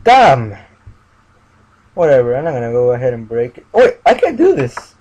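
A man's voice: mid-range voice, big pitch swings, normal speed, darkish tone. A man giving casual gameplay commentary, muttering to himself and chanting sing-song refrains. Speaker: gamer. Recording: dull lo-fi mic with light noise.

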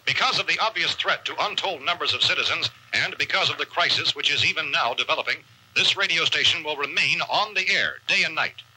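A man playing a radio news announcer reading an emergency bulletin in a formal, measured way. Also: fairly high pitch, pushed and bright, a little hiss or hum, poor audio. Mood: urgent.

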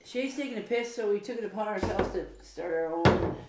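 A man's voice: sits high, fairly quick, darkish tone. A tipsy man, co-hosting a livestream in casual banter, rambling, giggly and swearing often. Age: 30s. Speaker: co-host. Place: small apartment. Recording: roomy apartment recording with faint noise.

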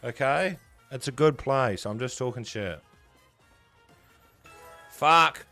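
A man's voice: medium pitch, animated, slow pace, pushed and bright, soft background music. A young man with a New Zealand accent, chatting casually and swearing often while he live-streams slots and answers his chat. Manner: swears a lot, banters with chat. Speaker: gambling streamer.

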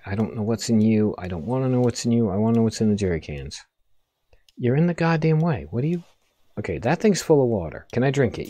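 Excitable, lively man with a dark voice. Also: on the low side. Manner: excitable, swears often, talks to the game. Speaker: gaming video host. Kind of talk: let's play commentary.

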